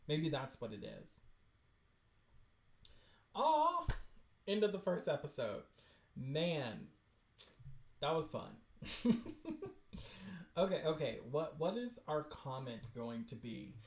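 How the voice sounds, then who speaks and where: A man reads webcomics on a stream and reacts with slangy, laughing chatter. His pitch swoops widely, but he talks at an easy, unhurried pace. The sound carries a noticeable room echo. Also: wildly swooping pitch. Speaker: livestream host reading webcomics. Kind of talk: excited dramatic reading and reactions.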